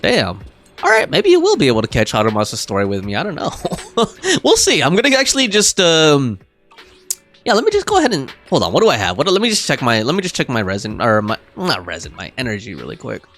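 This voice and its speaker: A man's voice: medium pitch, huge pitch swings, fast, fairly bright tone, soft background music. A young man streaming a game live, chatting casually and rambling with fillers and restarts.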